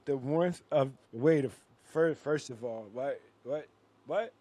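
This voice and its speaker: A man co-hosting a casual podcast, loud and profane, mock-outraged and tripping over his words. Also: medium pitch, slow pace, no echo. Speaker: podcast co-host.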